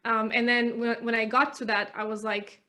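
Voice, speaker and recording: A Russian-born English teacher, her native tongue Russian, speaking English with a mostly American accent. Her voice is bright and a little high, with a forceful edge. She talks frankly and laughs often. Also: little pitch movement, normal speed. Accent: Russian-born speaker with an American-leaning English accent. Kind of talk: casual conversational interview.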